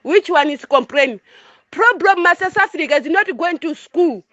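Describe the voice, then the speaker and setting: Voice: very high voice, animated, normal speed, fairly bright tone, no echo. A foreign resident giving an impassioned monologue in broken English, repeating points emphatically. The recording is dull and lo-fi.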